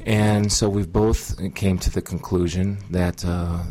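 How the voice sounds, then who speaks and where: A middle-aged man earnestly recounting a personal testimony in an interview, measured and pausing often. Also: deep voice, little pitch movement, dark tone. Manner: earnest, measured storytelling with frequent pauses. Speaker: guest sharing testimony.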